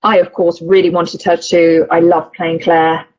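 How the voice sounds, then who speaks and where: A woman's voice: lowish voice, flat delivery, unhurried, darkish tone, dull audio. A woman who is an actress, chatting as an interview guest. She speaks emotionally and gushingly, with many restarts. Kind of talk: casual interview chat.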